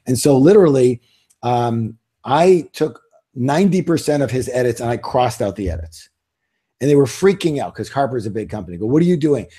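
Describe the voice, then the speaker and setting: A man's voice: medium pitch, animated, normal speed, warm tone, slightly rough. A middle-aged man telling stories as an interview guest in a casual, self-assured way, with emphatic repeats. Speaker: interview guest, author and seminar leader.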